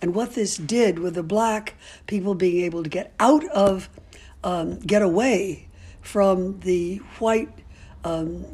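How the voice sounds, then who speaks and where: Husky older woman telling stories. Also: mid-range voice, a little mellow. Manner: candid and outspoken, with frequent ums and restarts. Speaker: interviewee. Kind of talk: casual storytelling.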